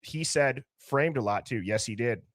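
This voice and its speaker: With a mid-range voice and no echo, a male host runs a live call-in stream and rattles off chatty, playful greetings to viewers by name. It's casual live-stream banter delivered as rapid shout-outs.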